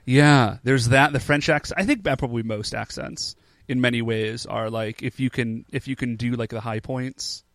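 A man's voice: medium pitch, moderate pace, hardly any pauses, fairly bright tone, no echo. A young man co-hosting a podcast in casual chat, laid-back and peppering his talk with "like". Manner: laid-back, says "like" often. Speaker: podcast co-host.

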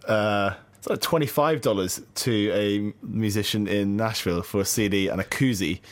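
A young British man chatting on a podcast in a loose, rambling way, full of pauses and fillers. His voice is on the low side. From Britain. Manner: rambling, halting with many fillers. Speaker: podcast co-host. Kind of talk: casual chat.

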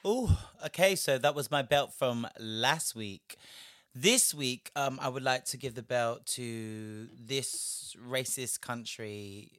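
Young man, sarcastic profane rant, medium pitch, dry room. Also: takes it slowly, no echo. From Britain. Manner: profane, sarcastic, shifting loudness. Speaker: vlogger. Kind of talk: ranting commentary.

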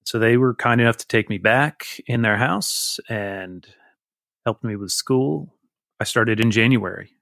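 A man's voice: medium pitch, a little slow, gravelly, a bit bright, no echo. A man in his forties talks openly and a little self-mockingly, with many restarts. His voice sits in the middle range and sounds dry and close. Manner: candid, rambling, self-deprecating. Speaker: guest. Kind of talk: casual interview storytelling.

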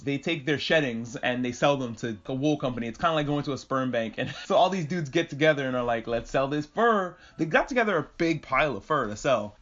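A man's voice: mid-range voice, fairly bright tone, lo-fi sound. A man hosting a podcast, recapping an episode in casual, swearing, jokey chat. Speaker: podcast host.

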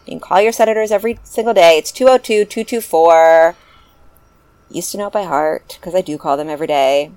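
A woman hosting a casual podcast chat, animated and joking as she urges listeners to act. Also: lowish voice, a little fast, no echo. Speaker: podcast host.

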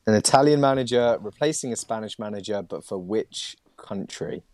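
A man's voice: on the low side, animated, normal speed, a little mellow, dry recording. A man hosting a casual sports podcast, chatty and laughing often, reading out quiz questions with plenty of ums. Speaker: podcast host and quizmaster.

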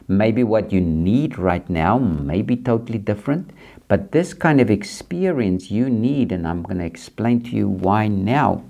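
A man with a dark, mellow tone and a gravelly edge talks to his listeners about quiet and reflection. He speaks earnestly and repeats his key points, often addressing the listener directly. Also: fairly low pitch. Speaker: podcast host. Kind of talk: reflective faith-based monologue.

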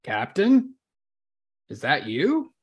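A man's voice: on the high side, huge pitch swings, extremely slow, breathy edge, highs cut off, voice pushed up, heavily acted. A man doing a suspicious armed lieutenant.

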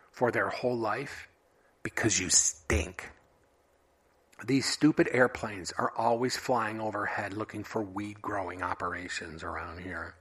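A man hosting a solo podcast, sharing random thoughts in a wry, offhand, deadpan way. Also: on the low side, husky. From United States. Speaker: podcast host.

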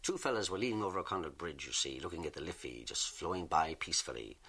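Irish comic, lively lilting delivery with bright, forceful tone, stretched punchlines. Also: male voice, a bass voice, fast talker, slightly rough. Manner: lively storyteller, drawls punchlines. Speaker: comedian. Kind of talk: stand-up joke telling.

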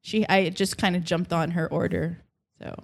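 A woman co-hosting a podcast in casual chat. She talks in an animated way, laughs often and mixes English with Tagalog. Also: fairly low pitch, normal speed, vocal fry. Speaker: podcast co-host.

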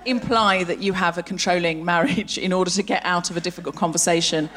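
A woman co-hosting a live comedy show, reacting quickly and teasing with laughter. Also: on the low side, steady tone. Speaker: co-host. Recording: live audience and background noise.

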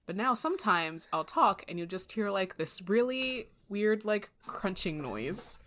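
A woman's voice: mid-range voice, very animated, unhurried, a bit bright. A woman co-hosting a podcast in casual chat. She reacts with wry disbelief and talks frankly, swearing now and then. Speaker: podcast co-host. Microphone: home microphone in a squeaky chair.

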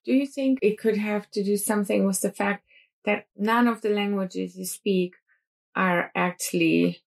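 A woman's voice: mid-range voice, steady tone, measured pace, vocal fry. A woman hosting an interview, asking probing questions and choosing her words carefully. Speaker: interviewer, podcast host. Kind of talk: casual interview conversation.

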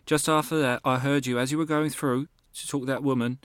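A man's voice: mid-range voice, fairly even intonation, brisk, clean tone, no room sound, close to an everyday voice. A man voicing a prim, easily offended English shop worker with a put-on English accent, sounding wounded and then snapping. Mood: prissy, offended. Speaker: radio prankster.

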